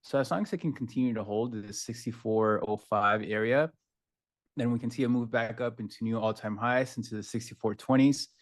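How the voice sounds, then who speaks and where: A man trading live on a stream, explaining his trade plan and chart levels in a steady, explanatory way. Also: mid-range voice, fairly quick. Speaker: trader, guest. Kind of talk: live market analysis.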